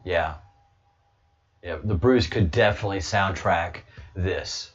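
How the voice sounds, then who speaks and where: On dull lo-fi audio, a man with a low voice chats casually as a guest, speaking slowly with long pauses. He rambles and jokes, restarting often, and is sometimes boastful and provocative.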